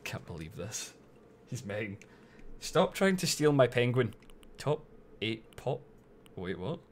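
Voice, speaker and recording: A young Scottish man streaming a game, loud and sweary, with bursts of playful mock outrage. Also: medium pitch, big pitch swings, slow pace, slight background noise. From Scotland. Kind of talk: casual live-stream commentary.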